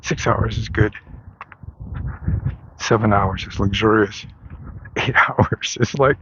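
A man's voice: fairly low pitch, fairly even intonation, takes it slowly, pauses often, fairly bright tone, dull audio, slight background noise. A man in casual rambling talk while walking outdoors on a street, restarting his sentences and laughing wryly. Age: adult, long into adult life. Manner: rambling, self-correcting, wry laughs. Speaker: vlogger.

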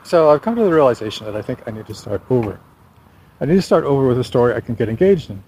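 Man, casual outdoor vlog, rambling, wry, mid-pitched, faint traffic behind. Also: big pitch swings, quick pace, darkish tone, rough recording. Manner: rambling, self-correcting, wry. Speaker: vlogger and novelist.

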